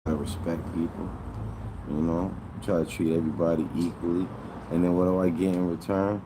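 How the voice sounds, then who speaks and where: A man with a fairly low voice chats to his stream viewers, aggrieved and rambling, swearing freely. Constant background noise and vehicle sounds run under his voice. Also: little pitch movement, brisk. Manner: aggrieved, rambling and heavily profane. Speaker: livestreamer. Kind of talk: casual livestream chatter to viewers.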